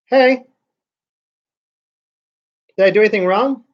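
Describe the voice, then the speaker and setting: A man's voice: high voice, slow, muffled recording. A man hosting his own vlog in casual chat, rambling along with frequent restarts and sentences that trail off. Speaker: vlogger host.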